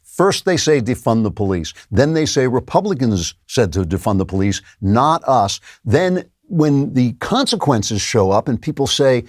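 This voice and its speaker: A man's voice: mid-range voice, very animated, moderate pace, hardly any pauses, dry recording. An older man hosting a political commentary show, sardonic and mocking, talking into a studio mic. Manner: sardonic, laughs at opponents, mocking voices in quotes. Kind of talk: opinion show monologue.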